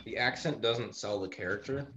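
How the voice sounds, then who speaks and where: A man runs a tabletop game over a voice call, explaining at length in an opinionated, lecturing way. His voice is fairly low, and the call audio is dull with a faint hiss. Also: normal speed, pushed and bright. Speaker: game master. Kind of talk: casual game session chat.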